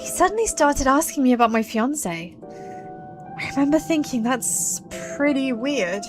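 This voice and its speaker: A woman voicing a grieving young hairdresser who recalls her story in a soft, subdued way, reading game dialogue. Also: high voice, lively intonation, normal speed, over music.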